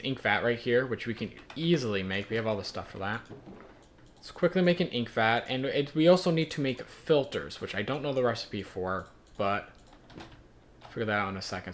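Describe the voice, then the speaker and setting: A man's voice: mid-range voice, moderate pace, slight background noise. A young man from Ireland narrating and commenting on his gameplay in a joking, self-deprecating way. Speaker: gaming video host.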